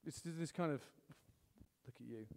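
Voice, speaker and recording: A middle-aged man preaching a sermon, animated, swinging between loud exclamations and hushed storytelling. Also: on the high side, normal speed, creaky, big-room sound.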